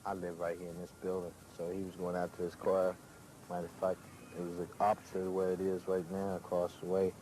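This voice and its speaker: A young man, a college football player, recalling events outdoors in a slow, matter-of-fact way. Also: sits low, monotone, warm tone, slight background noise, poor audio. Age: young adult. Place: outdoors by a campus building.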